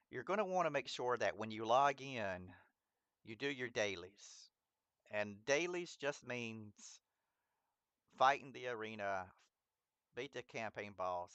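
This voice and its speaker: During a casual live stream of a mobile game, a man with a mid-range, slightly bright voice chats with viewers directly, rambles, mangles their names, and laughs it off. The tone is clean with no room sound.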